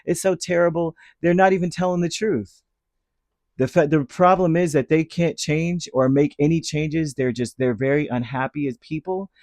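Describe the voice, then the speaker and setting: A man giving a casual tarot reading, chatty and animated, full of fillers and restarts. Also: on the high side, moderate pace, no echo, studio quality. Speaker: tarot reader.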